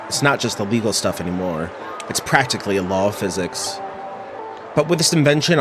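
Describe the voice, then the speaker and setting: Casting: boastful, greedy little inventor, played by a man, pompous and self-important, mid-pitched. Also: close to an everyday voice.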